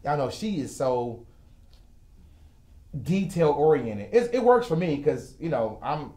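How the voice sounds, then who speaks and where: This financial educator hosts a live-streamed finance lesson from a whiteboard studio, speaking in a relaxed, jokey, chatty manner. His voice sits on the high side, mellow and sing-song, at a measured pace, and the room echoes.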